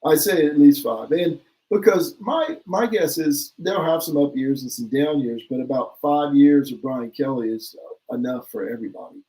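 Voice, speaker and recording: Here a man co-hosts a laid-back sports podcast, jumping from opinion to opinion, laughing readily, and reading out what listeners wrote. He has a warm, mid-range voice at a moderate pace, though the audio is poor.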